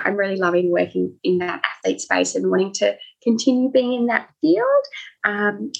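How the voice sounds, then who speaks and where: A woman's voice: mid-range voice, gravelly, poor audio. A woman doctor, a guest on a podcast, talking in a chatty, rambling way. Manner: chatty, rambling, quotes people in raised voices. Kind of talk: casual interview chat.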